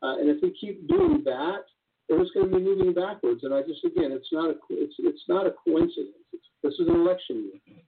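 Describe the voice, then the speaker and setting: An earnest man talks in an easy conversational way and often circles back to restart his thought. His voice is husky and mid-pitched, and the thin, narrow sound suggests a phone line. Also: very animated, fairly quick. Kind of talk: casual conversation.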